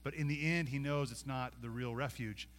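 A man preaching a sermon, pleading and animated, swinging from loud passion to hushed intensity. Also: medium pitch, moderate pace. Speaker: pastor.

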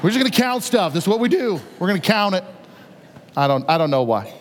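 A man preaching a sermon as a pastor, conversational and animated, retelling scripture with playful asides. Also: high voice, fairly quick, big-room sound, a little hiss or hum.

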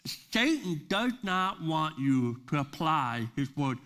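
A man preaching a sermon as pastor at a church service, earnest and building to forceful emphasis on key words. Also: a little high, very animated, takes it slowly.

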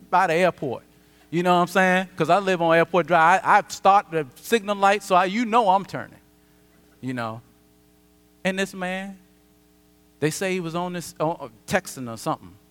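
A man pastor preaching a sermon, conversational and animated with dramatic pauses. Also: fairly high pitch. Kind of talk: sermon with personal storytelling. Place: church sanctuary. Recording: long church hall reverb.

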